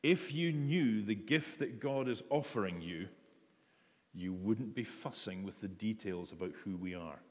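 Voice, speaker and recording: A pastor preaching in a low voice. He talks in a searching, conversational way, with frequent restarts. His words trail off into a long church reverb. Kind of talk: sermon.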